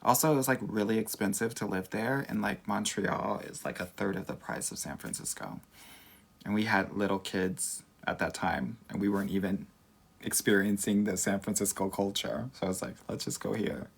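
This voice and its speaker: A dating coach with a Southern California Valley accent chats casually on a livestream, reading comments in a lowish, gravelly, slightly rough voice at a moderate pace. He's sassy and campy, calling everyone "girl."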